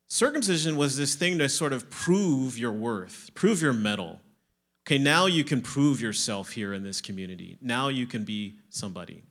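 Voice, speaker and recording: A man's voice: mid-range voice, fairly bright tone. Man preaching a sermon. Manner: explanatory, asks and answers his own questions.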